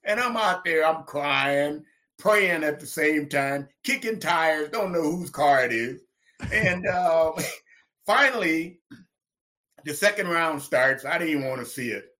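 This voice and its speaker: A middle-aged man from Texas, a former football linebacker, telling his story in an interview with lively, acted-out quotes. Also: a little slow. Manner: animated, acts out quotes with big pitch jumps, laughs.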